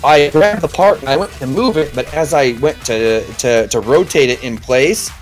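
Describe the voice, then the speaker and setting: A man's voice: on the high side, moderate pace, faint music behind. A man telling a story in casual chat, acting out quotes in funny voices. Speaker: guest on a live stream chat.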